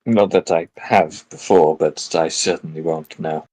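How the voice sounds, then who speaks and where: Man, very deep voice, dry sarcastic tabletop player. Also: steady tone, measured pace, darkish tone, rough recording. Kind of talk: tabletop game play.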